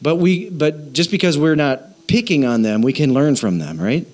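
A male pastor preaches a casual, joking sermon, animatedly asking his congregation questions. His voice is a little high and his pace moderate.

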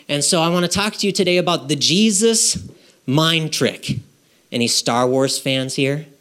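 A man's voice: mid-range voice, a bit bright. A man preaching a sermon to his congregation in a conversational way, asking rhetorical questions and checking in with "okay?". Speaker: pastor. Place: church.

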